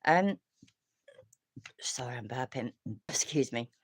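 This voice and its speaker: A woman's voice: very deep voice, expressive, slow, breathy edge, no echo. A woman, ranting casually as a commentary streamer, rambling with restarts, sighs and frequent swearing.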